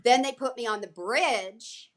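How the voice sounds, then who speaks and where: Brief: woman guest, lively storyteller, voices other people's lines, a touch high-pitched. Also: measured pace. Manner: animated, acts out quotes from others. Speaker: guest actress. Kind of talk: casual storytelling.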